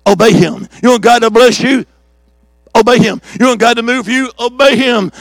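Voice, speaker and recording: Man evangelist, very high voice, dry close sound, fiery revival preacher who calls out to the congregation. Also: moderate pace, vocal fry, dry recording. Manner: fiery preaching with shouts and call-and-response; rhythmic repeated declarations. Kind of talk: revival sermon. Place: church service.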